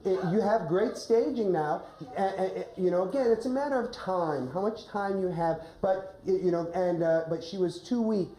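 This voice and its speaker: Woman drama coach, low-pitched, instructive, checks in constantly, echoey room. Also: normal speed, hardly any pauses, dark tone. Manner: instructive, tags "right?" often. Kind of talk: classroom coaching. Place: classroom. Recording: echoey classroom, faint noise.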